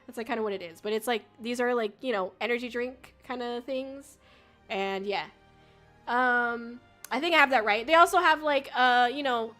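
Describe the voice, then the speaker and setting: A woman's voice: on the high side, fairly bright tone. A young woman streamer chatting casually with viewers, rambling with lots of fillers and swearing. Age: young adult. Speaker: VTuber streamer. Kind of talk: casual livestream chat with viewers.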